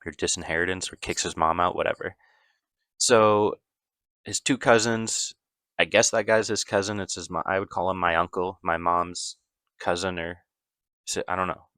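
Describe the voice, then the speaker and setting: A man's voice: deep voice, fairly even intonation, normal speed, sharp tone, clean tone, dry recording. A man casually recapping a movie plot, rambling loosely with lots of fillers and self-corrections.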